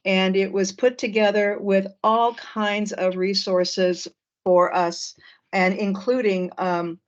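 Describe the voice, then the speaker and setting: A woman presenting an online training session, relaxed and with frequent fillers, heard over a video call. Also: medium pitch, takes it slowly. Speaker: workshop presenter. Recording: dull lo-fi call audio.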